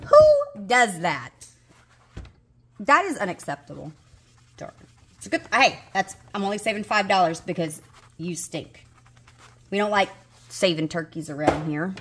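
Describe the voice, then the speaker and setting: A woman's voice: lowish voice, expressive, normal speed, long pauses, fairly bright tone, a little hiss or hum. A woman, a budgeting vlogger chatting casually to viewers, coaxing and scolding her dice, a little unwell and tired. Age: 30s. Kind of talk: casual chat to viewers while rolling dice.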